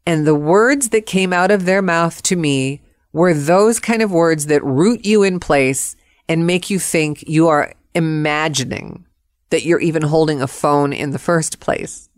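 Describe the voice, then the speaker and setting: A woman with a lowish voice tells a personal story, vivid and expressive. The sound is dry and close, with no room echo at all. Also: unhurried. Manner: vivid, expressive, acts out quotes.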